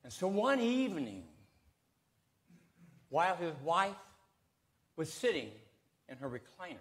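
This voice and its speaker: Male pastor, folksy sermon delivery, expressive with wide pitch swings, slightly high voice. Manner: folksy, lively storytelling with pauses. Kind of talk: sermon with jokes. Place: church sanctuary.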